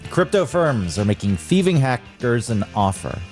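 A man who is a regular on a radio talk show, speaking in a dry, deadpan way. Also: mid-range voice, moderate pace, faint music behind. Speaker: radio show regular, tech news segment. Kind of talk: casual studio banter.

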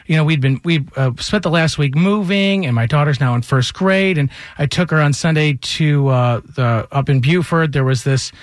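A man's voice: on the high side, moderate pace, hardly any pauses, no echo, clean studio sound. A man in his thirties, a show host, telling an emotional personal story in casual chat. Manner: earnest, emotional, laughing through a story.

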